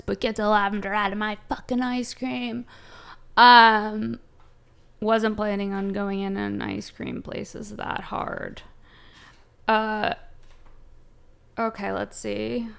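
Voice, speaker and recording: A young woman comedian from Southern California, chatting casually and ranting in a brash, profane way with sudden loud jumps. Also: medium pitch, gravelly, clear, resonant tone. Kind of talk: casual chat, answering viewer questions.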